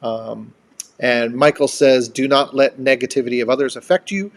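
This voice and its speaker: A man's voice: mid-range voice, steady tone, normal speed. Chatty man hosting a live stream. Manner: chatty, reads out and thanks viewer comments. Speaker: co-host of a live chat. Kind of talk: casual live-stream chat.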